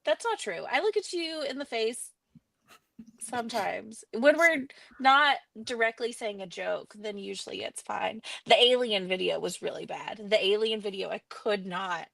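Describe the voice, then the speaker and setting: A woman's voice: mid-range voice, expressive, creaky, a bit bright, dry recording. A young woman with a Southern US accent, chatting casually and telling stories with frequent giggles during a live chat. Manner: giggly, quick storytelling. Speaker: cast member of a comedy sketch show.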